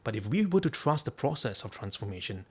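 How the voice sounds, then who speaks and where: A man's voice: lowish voice, big pitch swings, brisk, breathy edge. A man, a coach, telling a story and drawing lessons from it with emphatic repeated phrases. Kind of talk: storytelling talk.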